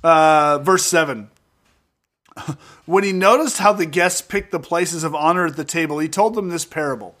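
Animated man reading scripture aloud. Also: a little high, moderate pace. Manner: animated, jokey, acts out voices in quotes. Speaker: podcast co-host reading scripture. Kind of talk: casual Bible discussion.

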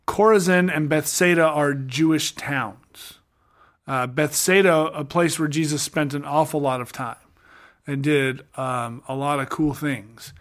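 A man's voice: a little high, measured pace. A middle-aged man hosting a podcast, talking through a Bible passage in a casual, jokey way with slangy asides. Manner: jokey, animated, slangy retelling of scripture. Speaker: podcast host. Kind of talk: casual Bible study chat.

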